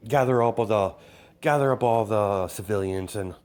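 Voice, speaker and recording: A man voicing a stressed, frustrated male police officer, with a fairly low voice. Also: normal speed, a little mellow, lightly acted.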